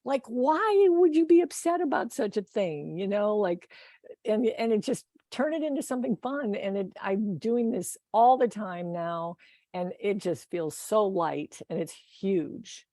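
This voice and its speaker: Mellow-voiced woman, rambling warmly. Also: mid-range voice, expressive, measured pace, no room sound, clean studio sound. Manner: rambling, self-correcting, laughs often. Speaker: podcast guest, artist. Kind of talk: casual conversational interview.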